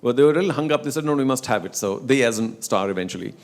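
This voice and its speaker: Man, middle-aged, lively storyteller, acts out quotes, relaxed conversation. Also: medium pitch, racing. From India. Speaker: guest speaker on sports leagues. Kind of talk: casual conversational talk.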